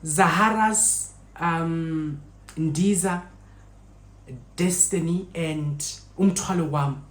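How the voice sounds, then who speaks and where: Cooking in her home kitchen, a South African woman vlogger tells a story expressively, mixing in local phrases and speaking straight to her viewers. Her voice sits low and she draws out her words, and the recording is rough and reverberant.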